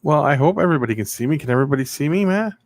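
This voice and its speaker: A man's voice: fairly high pitch, expressive, racing. A middle-aged man hosting a casual live stream, rambling and chatting with viewers as he reads their comments.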